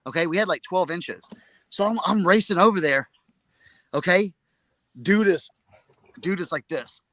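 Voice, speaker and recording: A man co-hosting a casual live chat, telling a story in an excitable, rambling way and repeating his words. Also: high-pitched, moderate pace, no echo. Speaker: reseller show co-host.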